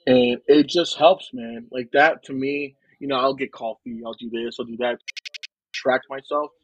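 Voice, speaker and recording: A young man from New Jersey, talking casually as a podcast guest, in a relaxed and rambling way with frequent "man" and "right". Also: medium pitch, moderate pace, no room sound, low-quality recording. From New Jersey, United States. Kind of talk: casual conversation.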